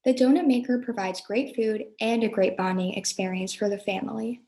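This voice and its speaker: A woman's voice: medium pitch, brisk, dark tone, close to an everyday voice. A woman playing a self-important female gift-exchange expert in a news sketch, explaining earnestly.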